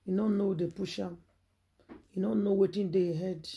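Nigerian accent gossip vlogger, warm mellow voice, preachy dramatic storytelling, lots of rhetorical questions. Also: mid-range voice, steady tone, normal speed, vocal fry, dull audio.

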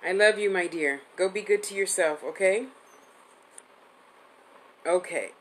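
A lowish, unhurried voice comes through a rough recording. The speaker, a woman in her fifties, hosts a live-streamed psychic reading as a medium, chatty and affectionate, rambling with restarts.

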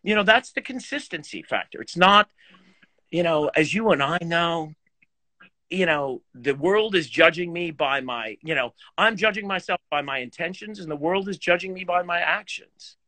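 A man on a video call chatting casually, animated and swearing, with lots of fillers. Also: a little high, moderate pace, no echo. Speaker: guest horn player.

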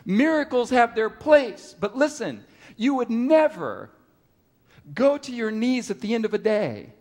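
A middle-aged man preaching a sermon at a camp meeting, telling a story with animated rises and drops. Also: very high voice, unhurried. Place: large hall at a camp meeting. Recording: reverberant hall.

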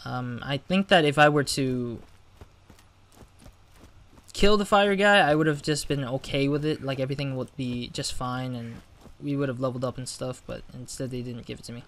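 A man's voice: mid-range voice, fairly even intonation, normal speed, fairly bright tone. A man hosting a gaming channel, giving casual let's-play commentary, chatty and flustered when he loses.

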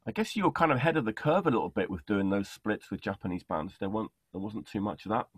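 A man's voice: lowish voice, animated, quick pace, breathy edge, no echo. A man hosting an interview over a video call, chatty and enthusiastic with lots of fillers. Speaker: podcast host. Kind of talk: casual interview chat.

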